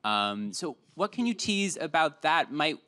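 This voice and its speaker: An interviewer asking measured, friendly questions with "um" and "you know" fillers. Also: mid-range voice, very animated, pushed and bright.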